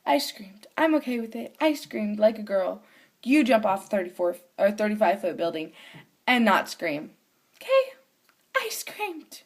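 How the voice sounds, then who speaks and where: A woman of young to middle age tells a story straight to the camera in a casual vlog. She is animated, acting out the voices of the people in her story with loose, everyday swearing. Her voice sits at an ordinary middle pitch for a woman. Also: moderate pace. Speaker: vlogger.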